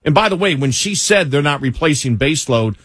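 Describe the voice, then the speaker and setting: A man's voice: a little high, animated, brisk, a bit bright, breathy edge, no room sound, clean studio sound. A man hosting political talk radio, scornful and emphatic, often repeating himself as he builds a point.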